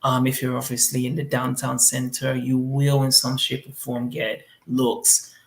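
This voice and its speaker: Laid-back gravelly man in echoey room. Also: mid-range voice, monotone, a little slow. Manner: laid-back, rambling with many fillers. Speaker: interview guest living abroad. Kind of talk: casual interview answers. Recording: roomy echo.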